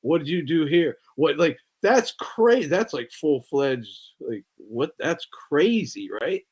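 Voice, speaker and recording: Slow and husky, this fairly high male voice is expressive as he hosts a laid-back podcast conversation. Expect plenty of swearing and lots of laughs.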